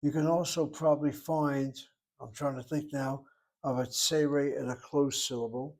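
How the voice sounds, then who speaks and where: A man teaching an informal class, talking through grammar step by step. His voice sits at an ordinary middle pitch, and he thinks aloud as he explains. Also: fairly even intonation, normal speed, darkish tone, rough recording. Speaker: Hebrew teacher. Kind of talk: informal recorded class lesson.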